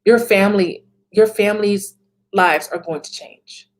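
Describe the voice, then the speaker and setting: A woman's voice: mid-range voice, a little slow. A woman in her thirties giving a motivational talk as a business coach, emphatic, repeating phrases and laughing often.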